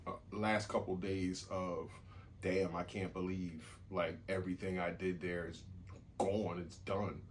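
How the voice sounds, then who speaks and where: A man with a low, even-toned voice co-hosts a podcast, taking his time as he talks. There's a bit of hiss or hum in the audio, and his easygoing chat wanders, loops back on itself and includes the odd swear word.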